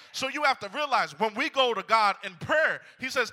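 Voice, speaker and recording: A man's voice: very high voice, animated, normal speed, few pauses, bright, forceful tone. A man preaching a fervent sermon to a congregation, repeating his phrases and calling out to them. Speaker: pastor. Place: church sanctuary. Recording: long reverb of a large hall.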